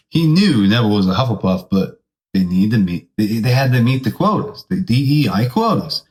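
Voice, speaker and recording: A man hosting a comedy podcast, telling a rambling, deadpan tall tale with sudden jumps into put-on voices. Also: on the low side, moderate pace. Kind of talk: comedic storytelling monologue.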